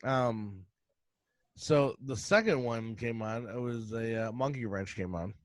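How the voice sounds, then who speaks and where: A middle-aged man chats casually on a podcast, rambling through a story in quick bursts. His voice sits mid-range and sounds dry and close, with no room around it. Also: mid-range voice, no room sound. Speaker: podcast host. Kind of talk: casual chat.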